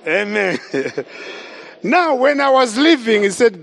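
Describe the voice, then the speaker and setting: A high-pitched man preaches at a slow, deliberate pace and weaves his own story into the sermon. He repeats his key phrases and throws questions out to the congregation. His voice carries a long reverb, as if he is speaking in a big hall. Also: very animated, vocal fry, a bit bright. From Zimbabwe. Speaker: evangelist preacher.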